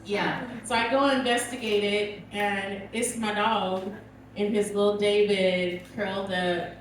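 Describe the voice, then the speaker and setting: A woman's voice: mid-range voice, fairly even intonation, measured pace, a little hiss or hum. A young woman doing a crude, brash stand-up set, laughing at her own jokes, recorded on a club stage. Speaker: stand-up comedian. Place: comedy club stage with audience. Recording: echoey club from far off, audience laughter.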